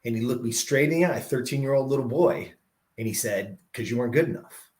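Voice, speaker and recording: A middle-aged man hosting a podcast, telling a personal story in a lively conversational way, acting out the dialogue and often asking "right?". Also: medium pitch, brisk. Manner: animated, acts out quoted dialogue, says "right?" often. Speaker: podcast host.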